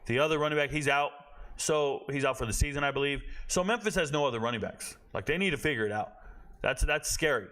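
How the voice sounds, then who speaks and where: A man's voice: fast, pushed and bright. Blunt rambling sports host man. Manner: rambling, blunt, self-correcting; low energy, tired. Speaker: college football show host. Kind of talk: casual sports commentary.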